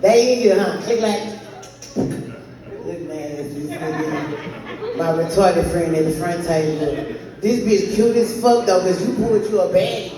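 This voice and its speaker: A woman's voice: on the low side, unhurried. A woman performing a stand-up set in a live venue, teasing the crowd in a brash, profane way. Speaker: stand-up comedian. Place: live comedy venue on stage. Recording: very echoey venue, distant mic, audience noise.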